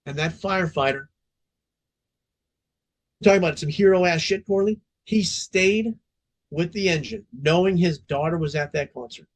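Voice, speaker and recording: A middle-aged man with a fairly high voice recounts a story in a podcast interview. He talks bluntly and emphatically and swears freely, like a veteran of the fire service. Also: normal speed, pauses often. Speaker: fire department veteran guest.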